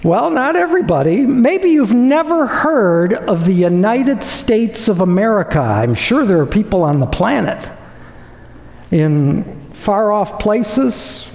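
Male preacher, emphatic and repetitive, high lively voice, long hall reverb. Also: slow pace. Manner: emphatic, repeats phrases for effect. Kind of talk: sermon.

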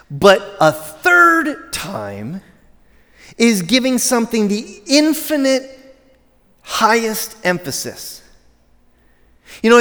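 A man with a high voice preaches to his congregation, chatty and self-deprecating, laughing at his own asides and often restarting his sentences. His voice carries a long reverb from a church hall. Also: fairly bright tone. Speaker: pastor. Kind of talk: sermon. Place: church sanctuary.

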